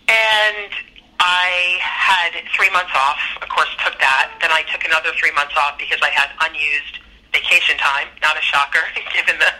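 Bright-voiced earnest middle-aged woman. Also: low-pitched, low-quality recording. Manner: earnest, reflective, emphatic. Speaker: podcast guest. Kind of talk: candid personal storytelling.

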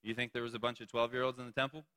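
A man's voice: medium pitch, little pitch movement, racing, pushed and bright, clear, resonant tone, long reverb tail. A young man preaching a sermon to a youth group, playful and joking between points. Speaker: youth pastor.

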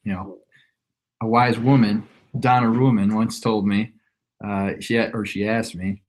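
Podcast guest, male, 20s, lower pitch, reflective rambling delivery. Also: fairly even intonation, unhurried. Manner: reflective, rambling with frequent restarts. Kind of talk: casual conversation.

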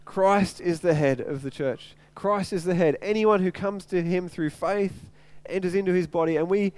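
A man's voice: high-pitched, normal speed, darkish tone, dry recording. A middle-aged man preaching a sermon in an earnest way, repeating phrases to drive his point home. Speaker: pastor.

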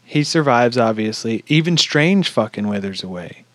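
A man co-hosting a casual podcast, retelling a film in an excitable, profane rush. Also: mid-range voice, moderate pace, no room sound. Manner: excitable, heavy swearing, lively storytelling. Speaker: podcast co-host. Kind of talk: casual movie review chat.

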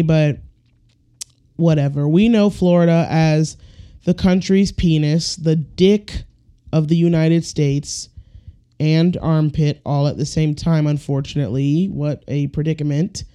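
A woman hosting a solo podcast, talking bluntly and profanely in an animated rant. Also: sits low, clean tone. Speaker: podcast host. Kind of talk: casual solo podcast monologue.

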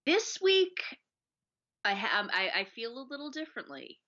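A woman's voice: on the high side, sing-song, normal speed, pushed and bright. A woman co-hosting a casual film podcast, enthusiastic and acting out scenes as she talks. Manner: enthusiastic, acts out movie lines. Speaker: podcast co-host. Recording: dull lo-fi audio.

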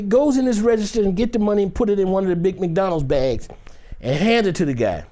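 A man's voice: high voice, darkish tone. A man from Detroit who is an actor, vividly telling a dramatic personal story and acting out the scenes. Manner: vivid, dramatic, acts out scenes with shifting voices. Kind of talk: animated storytelling anecdote.

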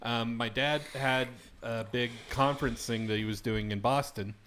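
A man's voice: mid-range voice, fairly even intonation, moderate pace, a bit bright, a little hiss or hum. A man telling a story to friends in a casual podcast chat, rambling with lots of fillers and restarts.

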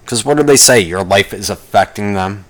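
A man's voice: animated, moderate pace. Profane rambling young man ranting. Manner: profane, rambling, jumps into mocking high-pitched impressions. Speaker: vlogger. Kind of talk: casual rant to camera.

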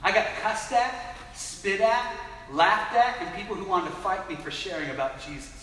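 A young man preaches in a high, bright voice, telling his story earnestly and acting out both sides of the dialogue. His voice carries through a big echoing hall and is picked up from a distance. A long reverb trails every phrase. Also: normal speed, slight background noise. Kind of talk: sermon. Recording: echoey hall from afar.

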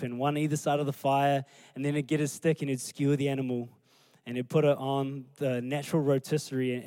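A man, a pastor preaching a sermon through animated storytelling. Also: medium pitch, no echo. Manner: animated storytelling, acting out scenes.

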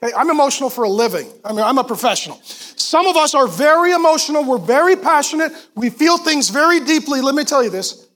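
A man with a strikingly high voice preaching a sermon from a church stage. He talks to the congregation with animated emphasis and breaks off into quick asides. The sound comes through a stage mic in the hall. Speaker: pastor. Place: church auditorium before a congregation.

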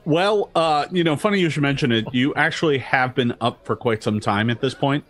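A man's voice: medium pitch, a little fast, fairly bright tone. A man narrating as game master of a tabletop game, descriptive and hesitant, full of ums and restarts.

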